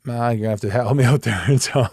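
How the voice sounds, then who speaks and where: A man giving a conversational Bible study, explaining verses step by step in a plain, emphatic way that turns animated when he presses a point. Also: medium pitch, fast, dry recording, studio quality. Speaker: Bible teacher.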